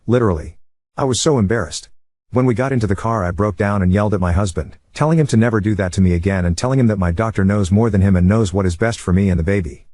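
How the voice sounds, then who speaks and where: Fast-reading male story narrator. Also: on the low side, darkish tone, no room sound. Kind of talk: scripted narration of an online post.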